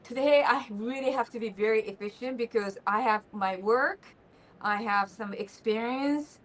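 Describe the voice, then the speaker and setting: A woman's voice: fairly high pitch, moderate pace. A woman co-hosting a casual livestream from her kitchen, chatty and effusive. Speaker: livestream co-host. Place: home kitchen.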